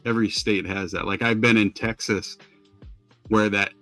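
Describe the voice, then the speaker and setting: A fairly low-voiced man chatting casually as a podcast co-host, rambling along with lots of restarts and filler words. Faint music plays behind him. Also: steady tone, moderate pace, sharp tone, dry recording. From Maine. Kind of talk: casual chat.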